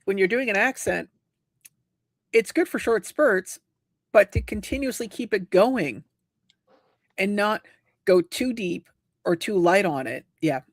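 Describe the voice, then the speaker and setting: A man chats casually on a home livestream, spinning long anecdotes and acting out each person in them. His voice has a gravelly fry. The sound is dry and close, with no room echo. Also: high-pitched, expressive, unhurried, long pauses. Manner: rambling storyteller, acts out quoted voices. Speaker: livestream host. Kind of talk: casual chat.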